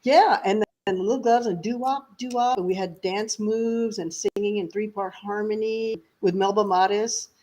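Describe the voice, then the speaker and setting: Lady singer on an interview, chatty and laughy, tells stories, kinda mid-pitched voice. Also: normal speed, hardly any pauses. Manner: lively, chatty storyteller who laughs often. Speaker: singer guest. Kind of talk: casual interview chat.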